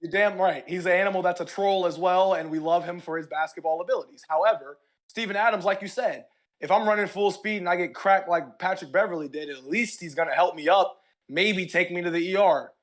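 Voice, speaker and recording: A young man hosting a casual podcast, reading listener questions aloud in an animated, laughing way. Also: high voice, a little fast. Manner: animated, laughing, mimics yelling. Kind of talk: casual chat.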